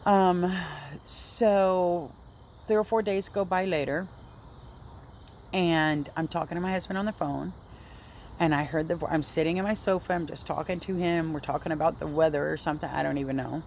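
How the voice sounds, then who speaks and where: A woman's voice: low voice, fairly even intonation, moderate pace, darkish tone, slight background noise. A woman earnestly telling a personal religious story in a casual, rambling vlog, often restarting her sentences. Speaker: vlogger sharing a religious testimony. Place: indoors at home, seated.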